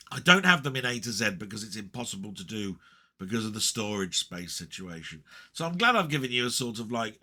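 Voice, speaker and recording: A man's voice: fairly low pitch, sharp tone. A middle-aged man talking casually and rambling to camera about his week, heartfelt, with many fillers and restarts. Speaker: vlogger.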